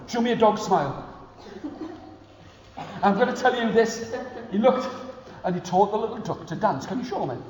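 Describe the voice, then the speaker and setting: A man telling a story to schoolchildren, lively and interactive, prompting them to join in with actions. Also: sits high. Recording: echoey hall, dull lo-fi sound.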